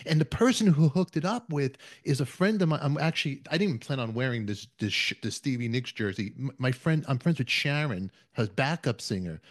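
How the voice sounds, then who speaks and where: Brooklyn guy hosting, hyper and neurotic, laughs at himself, normal pitch. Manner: excitable, fast, self-deprecating. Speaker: interview host. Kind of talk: casual interview chat.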